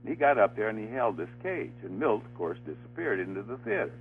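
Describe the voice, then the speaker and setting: An older man, a former game show host, tells a halting anecdote in an interview, breaking into laughter as he goes. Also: on the low side, sing-song. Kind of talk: storytelling in an interview. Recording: tinny phone line with faint music.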